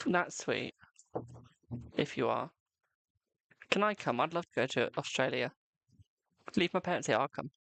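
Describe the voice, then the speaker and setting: A woman's voice: a bass voice, lively intonation, moderate pace, creaky, pauses often, no room sound. A woman with a British accent doing tarot readings on a casual live stream, chatting to viewers and calling them "my darling". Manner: chatty, chirpy baby talk to her dog.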